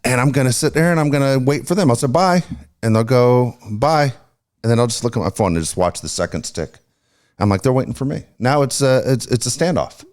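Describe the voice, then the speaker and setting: A man's voice: medium pitch, expressive, fast talker, a little mellow. A man in his fifties chatting casually, telling stories animatedly and acting out both sides of his phone calls. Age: 50s. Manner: swears freely. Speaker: podcast co-host. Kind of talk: casual storytelling chat.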